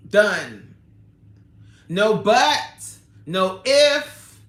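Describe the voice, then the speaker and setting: A woman's voice: sits high, sing-song, very slow, fairly bright tone. A woman coach hosting a casual live chat, answering viewer comments in an emphatic, candid way. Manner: emphatic and candid, with frequent laughs. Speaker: fitness coach hosting a livestream. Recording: echoey room with faint ambience.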